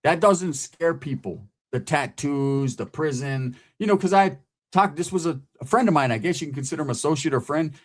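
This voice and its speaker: A man's voice: on the high side, normal speed. A middle-aged man from California telling a profane story in casual talk, often checking in with "right?". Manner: profane, animated, keeps asking "right?".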